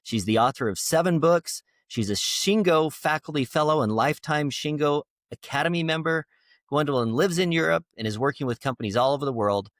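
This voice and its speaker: A man's voice: on the high side, animated, fairly quick, no echo, clean studio sound. A man hosting a podcast, reading a scripted intro and then chatting in a friendly, easygoing way. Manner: friendly, easygoing, some filler words. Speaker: podcast host.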